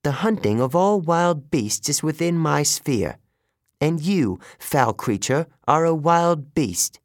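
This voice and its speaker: A stern, commanding young goddess of the hunt, as a man reads her, pitched clearly above his own voice in a storybook reading. She speaks slowly and gravely, with lively rises and falls, and the recording is dry and close. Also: no echo.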